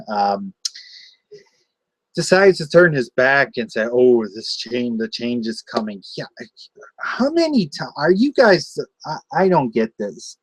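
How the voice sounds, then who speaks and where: A man's voice: medium pitch, no echo. A man ranting a taunting wrestling promo. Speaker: wrestling show host. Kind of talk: trash-talking wrestling promo.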